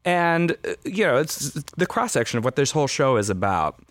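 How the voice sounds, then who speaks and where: A man hosting a podcast interview, asking relaxed, thoughtful questions with frequent fillers. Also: on the high side, a little fast, dry recording, clean studio sound. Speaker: podcast host. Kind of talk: conversational interview.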